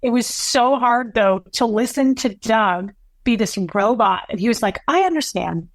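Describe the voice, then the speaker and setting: A woman in her thirties, a podcast guest, telling an emotional personal story in an earnest, halting way, with many restarts and quoted dialogue. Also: fairly high pitch, no room sound.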